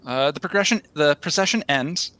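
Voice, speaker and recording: A man narrating a tabletop game as game master, halting with many fillers. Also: on the high side, lively intonation, bright, forceful tone, no echo, faint music behind.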